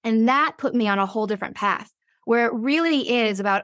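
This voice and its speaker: A woman in her forties, a business owner and interview guest, telling stories in a vivid, animated way. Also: on the high side, a little fast, clear, resonant tone, dry recording, clean studio sound. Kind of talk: casual interview storytelling.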